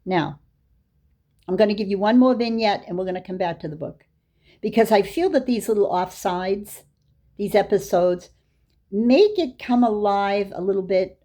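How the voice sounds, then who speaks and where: A woman's voice: medium pitch, normal speed, mellow. An older woman giving a storytelling lecture, recounting anecdotes and acting out the dialogue in her own voice. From Boston area, USA. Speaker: Islamic lecturer.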